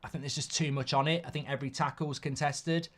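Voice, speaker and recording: A man's voice: on the high side, steady tone, fast, a bit bright. A middle-aged man, hosting a live football watchalong in a chatty way and reading out viewer comments. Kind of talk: casual live-stream chat.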